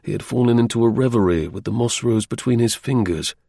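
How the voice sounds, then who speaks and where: A man reading a classic novel aloud as narrator, in an even storytelling manner. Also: medium pitch, brisk, creaky, no room sound, clean studio sound. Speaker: audiobook narrator.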